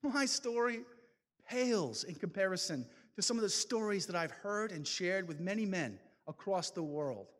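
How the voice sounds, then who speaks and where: A man giving a fervent, preacher-style testimony talk that builds to loud exhortations. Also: sits high, expressive, normal speed. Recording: long hall reverb.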